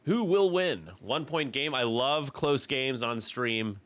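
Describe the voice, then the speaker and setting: A man's voice: medium pitch, expressive, takes it slowly, a bit bright. A man casually commentating a tabletop game on a stream, chatty and rambling, often restarting his sentences.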